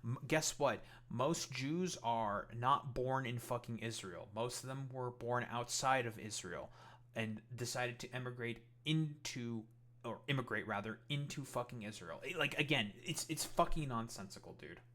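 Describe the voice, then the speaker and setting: A man's voice: mid-range voice, moderate pace, a bit bright. A man giving profane, heated political commentary, reacting to clips and swearing constantly.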